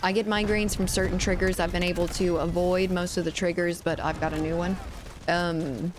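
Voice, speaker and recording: Here the South Louisiana streamer, a woman in her 20s, speaks fairly low with fairly even intonation at normal speed, amid background noise. She plays a shooter and reads chat, talking casually with viewers, joking and swearing a lot, while faint game gunfire sounds.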